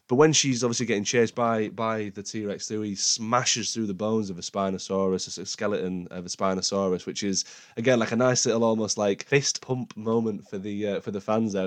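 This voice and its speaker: A young man with a low voice rambles casually through a film discussion as a podcast host. He keeps restarting his sentences in a loose, chatty way. The recording is dry and close. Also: no room sound.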